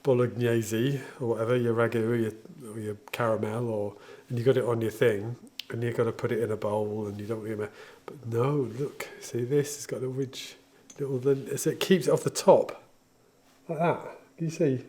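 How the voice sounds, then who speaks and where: A man with a mid-pitched voice talks through his baking tools in a home kitchen. He is chatty and jokey, and he demonstrates each item with easy enthusiasm. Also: fairly even intonation, normal speed, darkish tone. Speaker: home baker showing equipment. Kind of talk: casual product demonstration.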